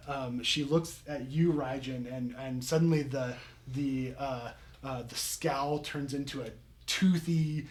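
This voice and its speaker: A young man narrating as game master of a tabletop game, rambling with many fillers and restarts. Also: medium pitch.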